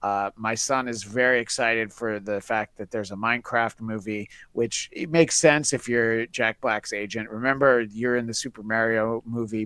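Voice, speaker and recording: A man's voice: fairly low pitch, a bit bright, no echo. A man hosting a podcast in casual chat, joking and rambling with sarcastic asides. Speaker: podcast host.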